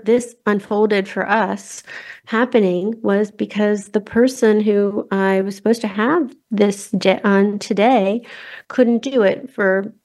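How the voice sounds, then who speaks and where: A woman hosts a podcast in a loose, chatty way, circling back and restarting her thoughts as she goes. Her voice sits a little high. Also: darkish tone. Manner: chatty, rambling with many restarts and fillers. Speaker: podcast host. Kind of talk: casual conversational interview.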